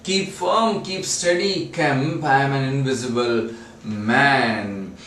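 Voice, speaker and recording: A man's voice: medium pitch, slow, fairly bright tone, a little hiss or hum. A man voicing a desperate invisible scientist. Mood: pleading. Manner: pleading, repeating himself urgently. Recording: roomy, distant mic, faint ambience.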